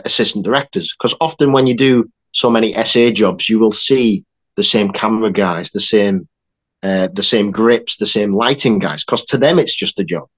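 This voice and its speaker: A young man, an actor and filmmaker, telling a lively story on a podcast with quick asides. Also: on the low side. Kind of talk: casual anecdote telling.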